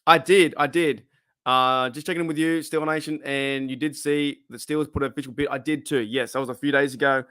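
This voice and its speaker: A man's voice: mid-range voice, fairly even intonation, a little fast, a bit bright, clean tone, no room sound, studio quality. An Australian man hosting a casual livestream, chatting, laughing often and reading out viewer comments. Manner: chatty, laughs often, reads chat aloud. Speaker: livestream host.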